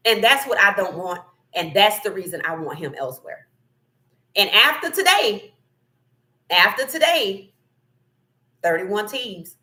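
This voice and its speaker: A woman's voice: mid-range voice, measured pace, pauses often. Opinionated woman livestreaming sports takes. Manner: animated, opinionated, laughs often. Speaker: sports talk livestream host. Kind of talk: casual livestream commentary reading chat.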